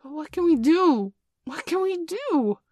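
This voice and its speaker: A woman's voice: very high voice, lively intonation, unhurried, dark tone, dry recording, voice pushed up. A woman doing a crowd of eager young boys. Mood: anxious. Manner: crying out together.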